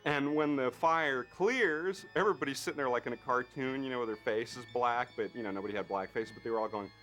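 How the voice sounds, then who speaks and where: Telling an interviewer a behind-the-scenes tale, this special effects artist gets animated, fills his speech with fillers, and performs other people's lines. He speaks fairly quickly at a medium pitch, with soft music in the background.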